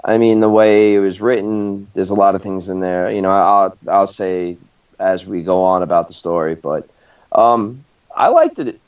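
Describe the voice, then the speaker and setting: A man's voice: fairly low pitch, a little mellow, clear, resonant tone. Podcast co-host, man, chatty and rambling, muffled lo-fi sound. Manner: rambling, many fillers and restarts. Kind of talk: casual chat. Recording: distant, dull lo-fi mic.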